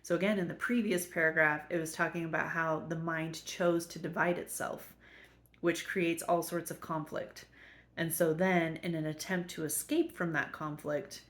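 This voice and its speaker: A woman reading a spiritual text aloud and explaining it, earnest, slowing to repeat the key lines. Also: deep voice. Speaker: spiritual study teacher.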